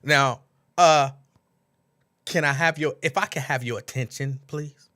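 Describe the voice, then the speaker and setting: This late-night livestream host speaks a little slowly in a slightly high voice. Casual and animated, he laughs often, repeats himself, and mimics other people.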